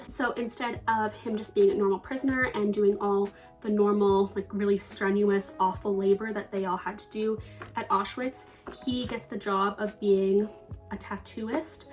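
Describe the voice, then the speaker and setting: A young woman talks through her recent reads in a relaxed, chatty way, earnest and a little rambling, with small laughs. Her voice sits at an ordinary middle pitch. Soft music plays faintly underneath. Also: normal speed. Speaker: book vlogger. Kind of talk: casual book review chat.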